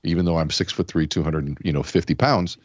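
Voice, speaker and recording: A low-voiced podcast guest and keynote speaker tells stories in a conversational interview, acting out the characters he quotes and filling his speech with "you know" and similar fillers. His intonation stays fairly even and his pace is brisk, captured in a dry, muffled recording.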